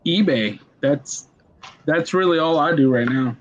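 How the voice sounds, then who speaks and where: A man on a casual online chat, relaxed and quick to laugh. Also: fairly high pitch, lo-fi sound, slight background noise. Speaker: guest.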